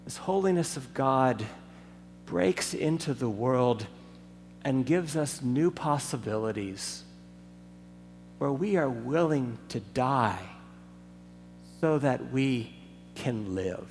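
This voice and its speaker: A man preaching a sermon, emphatic and deliberate, telling a story to make his point. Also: mid-range voice, lively intonation, creaky, soft background music. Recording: long hall reverb, faint background noise.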